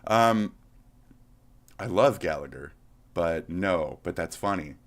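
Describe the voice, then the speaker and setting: A man's voice: low voice, expressive, slow. A man from Minnesota, live-streaming and reacting to clips, talking in a blunt, profane way. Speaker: livestreamer.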